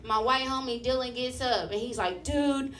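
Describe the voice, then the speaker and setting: A young woman performing a stand-up set, telling a story with animated, profane delivery and acted-out voices. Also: a little high, moderate pace, reverberant, recorded from a distance. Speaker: stand-up comedian. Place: comedy club stage with live audience.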